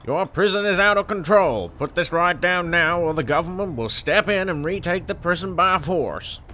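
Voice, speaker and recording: A man voicing a stern male corporate CEO calling on the phone, in a put-on American accent, loud and commanding. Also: high voice, lively intonation, moderate pace, slight background noise, pitched above the performer's own voice.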